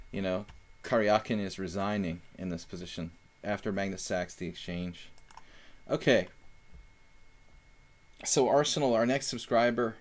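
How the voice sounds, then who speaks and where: A young man chatting casually while analyzing chess moves on a live stream, thinking aloud with fillers. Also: fairly low pitch.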